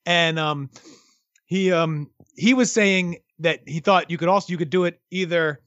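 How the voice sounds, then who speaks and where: A high-voiced man chats about fights in a loose, halting way, stacking fillers and false starts and breaking into laughs. The room is dry and close, and the sound is a little dull and lo-fi. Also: a bit bright, no echo. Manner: hesitant, many fillers and restarts, laughs easily. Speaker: boxing analyst co-host. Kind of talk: casual sports talk.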